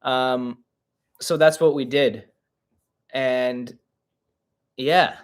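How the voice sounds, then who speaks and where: A man's voice: medium pitch, steady tone, very slow, clean tone. A young man with a Russian-Ukrainian family background hosts a casual live-stream Q&A, answering questions in a blunt, profane, mock-indignant way. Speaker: podcast host and comedian.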